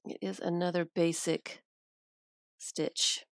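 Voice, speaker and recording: A woman's voice: on the low side, flat delivery, slow, gravelly, no room sound, clean studio sound. A woman on a live stream, showing a craft and thinking aloud as she works.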